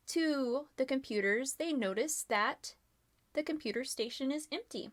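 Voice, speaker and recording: A woman's voice: a little high, fairly bright tone. A woman running a live-streamed murder mystery game as game master, casual and giggly with lots of fillers.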